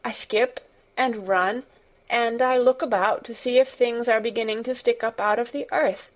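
A woman voicing an anxious, eager little girl who speaks in a halting, tremulous way. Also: on the high side, steady tone, voice pushed up, natural voice. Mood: pleading.

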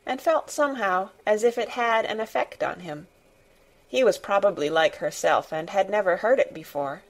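A woman narrating a classic children's storybook in a measured, deliberate way. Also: mid-range voice, animated. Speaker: reader. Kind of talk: audiobook narration.

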